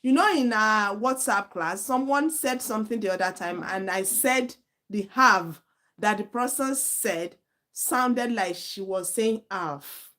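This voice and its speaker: A woman's voice: medium pitch, unhurried, a bit bright. A woman in her thirties gives a live online lesson. Her manner is earnest and direct, and she repeats warnings to drive them home. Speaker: IELTS tutor.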